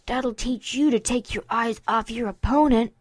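A woman's voice: on the high side, moderate pace, dry recording, natural voice. A woman voicing a clumsy, good-natured young male pony with a sheepish, earnest manner in a storybook reading.

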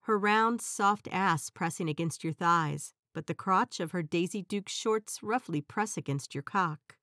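A woman narrating an erotic audio story in a soft, even, intimate storytelling voice. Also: fairly low pitch, a little slow, no echo, clean studio sound.

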